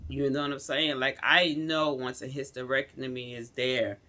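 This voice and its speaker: A woman casually telling her viewers a personal story in slangy speech, swinging from loud outrage to quiet pleading. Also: extremely low pitch, flat delivery, normal speed, few pauses. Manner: slangy, addresses viewers as y'all.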